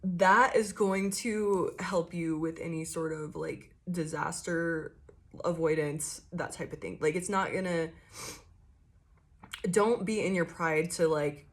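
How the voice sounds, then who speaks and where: A woman's voice: deep voice, fairly even intonation, slow. A young woman giving a casual tarot reading, talking loosely and swearing freely as she acts out what her listeners might be thinking. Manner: loose, chatty and profane, acting out inner monologues. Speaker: tarot reader.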